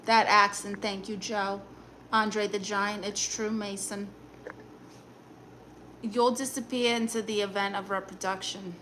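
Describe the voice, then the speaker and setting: A woman's voice: mid-range voice, level tone, sharp tone, a little hiss or hum. A woman with a Brooklyn accent voicing a blunt, sassy aunt who reads viewer comments and gives dating advice on a live stream. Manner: blunt, sassy, quick comebacks.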